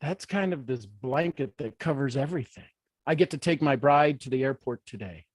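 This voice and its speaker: A man from Ohio giving a motivational talk in an animated, folksy way with playful asides. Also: mid-range voice, moderate pace, no echo, clean studio sound. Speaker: motivational speaker.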